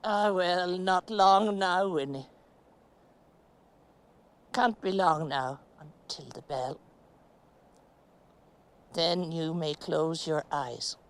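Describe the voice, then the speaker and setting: Winnie, middle-aged woman stuck in a mound, low-voiced and unhurried, musing stage monologue. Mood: weary. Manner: musing, halting, sinking to near-whispers. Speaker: stage actress.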